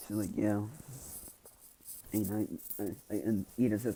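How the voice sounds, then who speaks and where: A man's voice: lowish voice, fairly even intonation, a little slow, mellow, slightly rough, rough recording. A young man casually retelling a fan story, rambling with lots of filler words. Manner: rambling, filler-heavy, constantly says "like".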